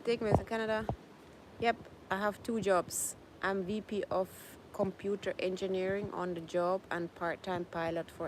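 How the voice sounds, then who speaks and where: A woman's voice: mid-range voice, flat delivery, moderate pace, heavy background noise. A woman hosting a casual livestream, chatting with viewers, laughing often and slipping into French. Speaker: livestream host. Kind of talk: casual livestream chat reading viewer comments. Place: home in Jamaica.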